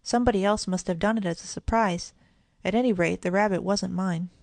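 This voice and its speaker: A woman's voice: medium pitch, a little fast, darkish tone, dry recording, close to an everyday voice. A woman voicing a shy, embarrassed schoolboy who stammers in a storybook. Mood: flustered. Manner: flustered, stammering.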